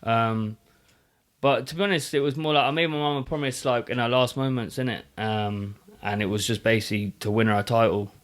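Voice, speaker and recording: Earnest boxer talking candidly. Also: male voice, medium pitch, a little fast. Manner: earnest, reflective, many fillers. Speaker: boxer guest. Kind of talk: casual podcast chat.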